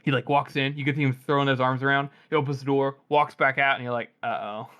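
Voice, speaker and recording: A man's voice: mid-range voice, steady tone, fast talker, bright, forceful tone. A young man co-hosting a podcast who laughs easily and tells a work anecdote in casual chat. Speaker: podcast co-host. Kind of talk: casual book-discussion chat.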